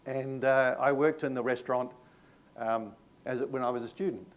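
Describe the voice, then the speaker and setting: A middle-aged man with a New Zealand accent runs a live staff training session, talking with an audience at a medium pitch. He keeps it conversational and tells anecdotes with a self-mocking humour. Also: fairly even intonation, normal speed. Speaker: workshop presenter.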